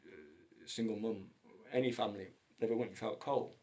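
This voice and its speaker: A man's voice: fairly low pitch, moderate pace, mellow. A man hosting his own channel, talking in a rambling, jokey solo monologue that wanders from one story to the next. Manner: digressive, jokey, wandering between stories.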